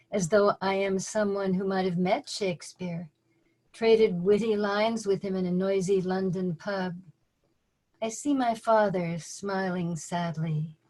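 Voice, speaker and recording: An older woman poet reading her own poems at a virtual open mic over a video call, measured and deliberate, with dry asides between pieces. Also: fairly low pitch, darkish tone, low-quality recording.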